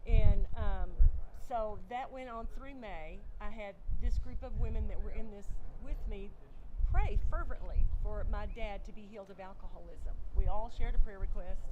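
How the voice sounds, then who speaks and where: A woman's voice: medium pitch, moderate pace, dull audio, noisy background. A woman guest sharing a personal faith testimony in conversation, earnest, often acting out her own past dialogue. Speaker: interview guest. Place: outdoors on a bench.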